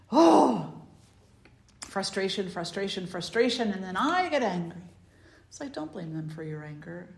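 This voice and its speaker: A woman spiritual teacher giving a slow, meditative talk, repeating phrases for emphasis. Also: on the low side, echoey room.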